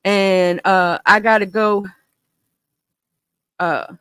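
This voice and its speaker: Bright, goofy Mississippi-accented woman. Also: mid-range voice, drawn-out words, clear, resonant tone, dry recording. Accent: Mississippi Southern US. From small town in northern Mississippi, USA. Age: 30s. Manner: goofy, animated, talkative, goes off on tangents. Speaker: livestream host. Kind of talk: casual livestream commentary chat.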